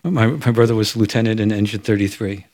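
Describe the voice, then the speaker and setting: A man who is a fire chief, recounting events in an interview in a measured, halting way. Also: on the low side, fairly even intonation, a little mellow, no echo.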